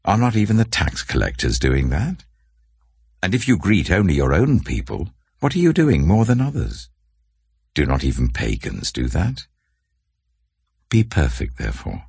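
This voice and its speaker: A man with an extremely deep, gravelly voice reads scripture slowly and solemnly. His tone is husky and breathy, and his pitch rises and falls with feeling. The sound is dry and close, with no room around it. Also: very animated, darkish tone, no room sound. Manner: measured, grave delivery. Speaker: scripture reader. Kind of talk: slow solemn Bible reading.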